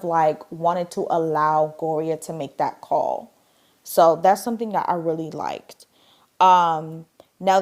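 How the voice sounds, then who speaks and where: A woman's voice: lowish voice, darkish tone. A woman chatting casually as she reviews a drama, gushing and leaning on lots of filler words.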